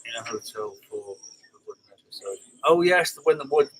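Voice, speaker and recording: A man's voice: mid-range voice, animated, a little fast, fairly bright tone, husky, low-quality recording. Rambling older man, chatty host. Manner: rambling, chatty, with frequent fillers and restarts. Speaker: live-stream host. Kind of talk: casual live-stream chat reading comments.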